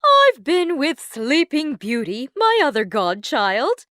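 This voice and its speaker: A woman voicing a cheerful, scatterbrained fairy godmother with an airy, unhurried manner. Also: high-pitched, very animated, fairly bright tone, no echo, clean studio sound, pitched above the performer's own voice, heavily acted. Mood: breezy. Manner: airy, breezy, slightly slower.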